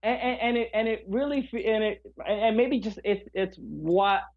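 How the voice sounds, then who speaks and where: Halting man with a dull lo-fi sound. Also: sits high. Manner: halting, searching for words, passionate. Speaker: podcast co-host. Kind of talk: casual chat.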